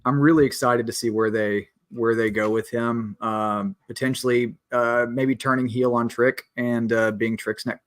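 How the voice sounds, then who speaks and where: A man talking casually on a podcast, his sentences wandering, trailing off and picking back up. The sound is dry and close, with no room around it. His pitch sits right in the middle. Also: fairly even intonation, moderate pace, few pauses, no room sound. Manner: chatty, trailing off and restarting. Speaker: podcast co-host. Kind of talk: casual chat.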